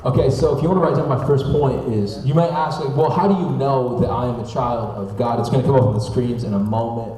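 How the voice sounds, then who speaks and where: A young man preaching a sermon, telling a personal story in a chatty, animated way. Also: medium pitch, brisk, few pauses. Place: church sanctuary. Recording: echoey church hall from far off.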